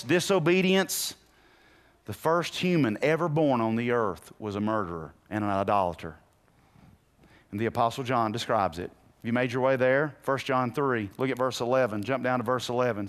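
A man preaching a sermon to a congregation in a church, swinging between hushed and loud, and putting questions to his listeners. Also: medium pitch, moderate pace. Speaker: pastor.

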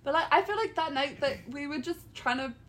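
High-voiced giggly young woman. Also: fairly quick, slight background noise. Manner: giggly, expressive storytelling. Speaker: podcast co-host. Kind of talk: casual chat.

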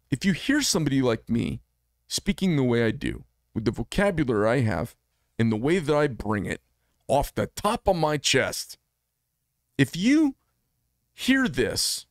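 A man's voice: mid-range voice, creaky, no room sound, clean studio sound. A man in his fifties hosting a solo commentary show, speaking in an impassioned, emphatic way and often repeating himself for effect. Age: 50s. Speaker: podcast host.

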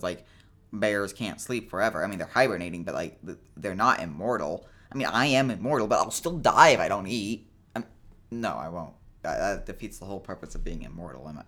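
A man's voice: deep voice, a bit bright. Rambling, jokey young man podcasting. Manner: rambling, jokey, self-deprecating; tired. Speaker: podcast host. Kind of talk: casual solo podcast monologue.

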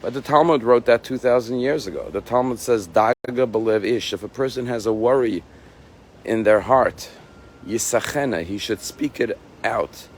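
A rabbi giving a measured, emphatic sermon, slowing down to stress key phrases. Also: male voice, medium pitch.

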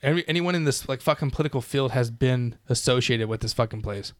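A man co-hosting a casual podcast, animated and rambling, swearing constantly as he talks. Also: medium pitch, fast talker, no room sound, studio quality. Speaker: podcast co-host.

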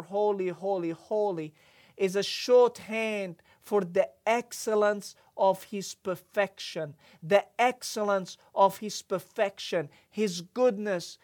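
A preacher giving an earnest sermon, often halting and restarting mid-phrase, building emphasis through repetition. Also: mid-range voice. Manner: halting, with many restarts and fillers.

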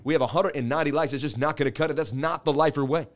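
A man's voice: a little high, rapid-fire. A middle-aged man hosting a crypto trading livestream, salesy and pumped up, calling viewers baby. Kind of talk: hyped livestream chart talk.

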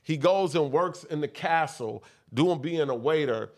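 A man with a fairly high voice tells a long tale in relaxed podcast chat. He jumps into the voices of the people in his story and keeps the group hooked. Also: unhurried. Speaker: guest rapper.

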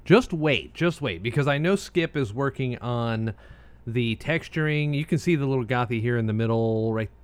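A man's voice: mid-range voice, normal speed, clean tone. An American man co-hosting a casual chat show, meandering easily with frequent asides. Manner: relaxed, meandering, many restarts and filler asides. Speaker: co-host.

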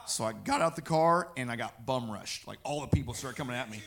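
Bright-voiced man preaching his testimony. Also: medium pitch, fairly quick, creaky. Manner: animated storytelling, acting out his own quotes. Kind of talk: personal testimony sermon.

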